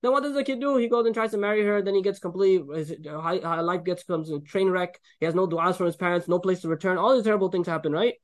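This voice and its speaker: A man preaching a sermon, explaining Quran verses with Arabic recitation, animated and joking as he acts out the people in the story. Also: high voice, fast talker, hardly any pauses. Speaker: Islamic preacher.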